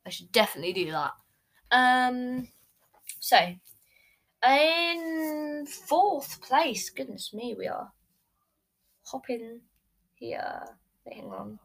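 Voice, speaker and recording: A woman's voice: high voice, big pitch swings, slow, vocal fry, pauses often, fairly bright tone, rough recording. A woman talks to the camera about her favorite books, gushing and rambling, full of "um"s and restarts. She records it at home while sitting on her bed. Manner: chatty, gushing, rambling with many fillers. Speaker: book vlogger. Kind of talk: casual book ranking vlog.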